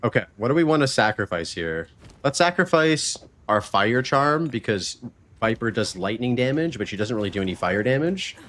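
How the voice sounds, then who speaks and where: A man's voice: medium pitch, very animated, moderate pace, a bit bright. A man hosting a live stream, chatting loosely and swearing freely while he plays a game and talks about his podcast. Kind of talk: casual live-stream chat while gaming.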